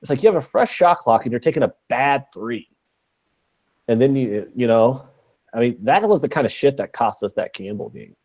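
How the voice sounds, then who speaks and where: A man's voice: mid-range voice, expressive, moderate pace, darkish tone. A man co-hosts a loose sports betting podcast, wandering through his points with jokes and fillers. His voice sits mid-range. The audio is muffled and lo-fi. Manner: rambling, joking, lots of fillers. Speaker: podcast co-host. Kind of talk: casual sports betting chat.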